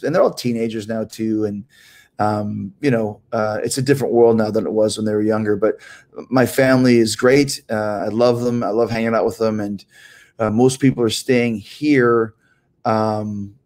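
A middle-aged man hosting a show, telling long rambling stories and answering listener questions in a loose, swearing, animated way. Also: fairly low pitch. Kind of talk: casual storytelling chat.

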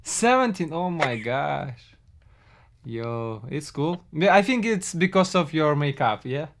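A man's voice: fairly high pitch, animated, takes it slowly. A man from Russia with a Russian accent, chatting in a friendly way with strangers on a video call. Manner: friendly, teaching words, breaks into song. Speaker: musician host. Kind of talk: casual video chat.

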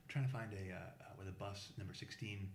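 A man's voice: low-pitched, steady tone, fast talker, a little mellow, a little hiss or hum. Rambling man from in an echoey room. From Boston, USA. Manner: rambling, many fillers and restarts, mimics people he quotes. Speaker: podcast guest telling a travel story. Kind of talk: casual storytelling chat.

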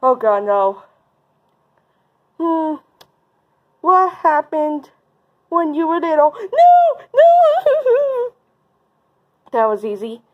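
A woman voicing a strict school principal in a game role-play, talking lower, dry and bossy. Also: lively intonation, drawn-out words, long pauses, narrow, tinny audio, exaggerated voice. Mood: stern.

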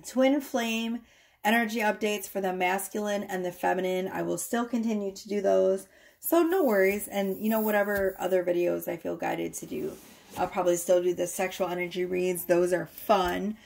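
A woman's voice: mid-range voice, moderate pace, creaky, darkish tone. Woman, tarot reader, casual chat, rambling, checks in with viewers. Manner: chatty, rambling, keeps checking in with "okay?".

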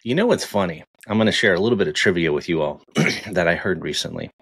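Deep husky guy hosting a nerdy podcast, chatty and laughing a lot, dry mic. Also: fast talker, no echo. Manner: animated, chatty, laughs easily. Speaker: podcast co-host. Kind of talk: casual tech podcast chat.

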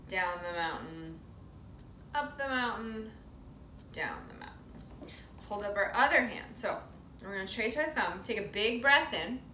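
A woman's voice: mid-range voice, bright, forceful tone, a little hiss or hum. A woman leading a children's yoga class in a playful, sing-song, coaxing way, with animal sounds along the way. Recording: roomy sound from a distant mic.

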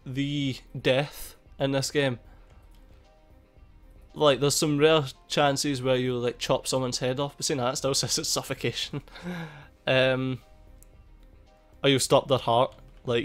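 A man giving casual, excitable gameplay commentary, swearing a lot and laughing at the game. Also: mid-range voice. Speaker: gaming YouTuber. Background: faint game music.

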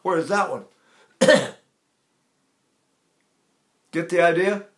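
A man's voice: high-pitched, extremely slow, echoey room. An older man teaching vocal technique, asking rhetorical questions and breaking into short sung vowels to demonstrate.

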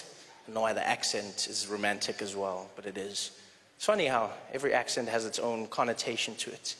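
A man doing stand-up comedy on a stage in an animated way, slipping between voices, recorded on a handheld mic in a reverberant live venue. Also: medium pitch, brisk, background noise.

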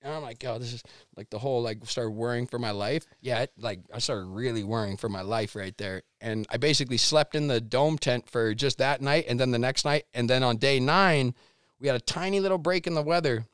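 Man in his thirties, podcast guest storyteller; animated, swings from mutter to shout, mid pitch, dry close sound. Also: a little fast, smooth, dry recording. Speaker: podcast guest, pro skier. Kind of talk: casual storytelling chat.

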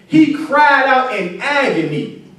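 A man's voice: very high voice, big pitch swings, takes it slowly, fairly bright tone. A man preaching a sermon in a church, emphatic and building to crying out as the congregation answers. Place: church sanctuary. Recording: very echoey church from a distance.

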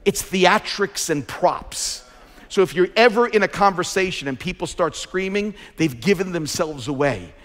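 A man preaching a sermon, his voice sitting a little higher than most men's. He is emphatic and pushes louder when he drives a point home. The sound carries the long reverb of a large church sanctuary. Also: expressive, moderate pace. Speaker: pastor.

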